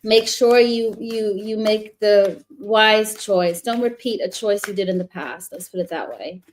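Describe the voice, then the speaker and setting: A woman's voice: medium pitch, measured pace, a little hiss or hum. A woman giving a casual live tarot reading, chatty and rambling, often restarting her sentences. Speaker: tarot reader.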